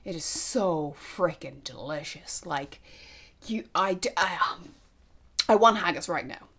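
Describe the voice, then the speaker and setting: A woman's voice: lowish voice, lively intonation, measured pace, fairly bright tone, slightly rough. A young Irish woman chatting casually to camera as a vlogger, gushing and now and then dropping to a whisper. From Ireland.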